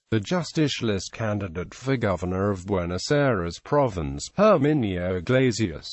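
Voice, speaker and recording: A synthetic male voice reading an encyclopedia article in a steady, even way, with odd pauses. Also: on the low side, no echo.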